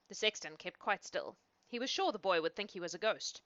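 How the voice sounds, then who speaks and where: Bright-voiced woman reading a fairy tale. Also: mid-range voice, expressive, a little fast, dry recording. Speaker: storyteller. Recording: dull, dry lo-fi recording.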